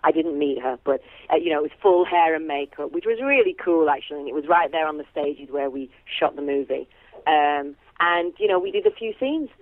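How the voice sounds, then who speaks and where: A woman actress chatting as a guest, warm and chatty with lots of fillers and easy laughs. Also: low-pitched, no echo. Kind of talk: casual phone interview. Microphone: telephone. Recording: tinny phone line.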